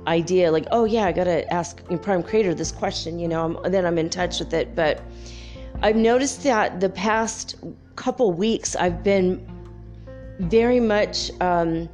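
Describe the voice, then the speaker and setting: A woman's voice: fairly low pitch, measured pace, darkish tone, faint music behind. A woman from California hosting a podcast, rambling casually with many fillers. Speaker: podcast host. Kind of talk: casual spiritual podcast monologue.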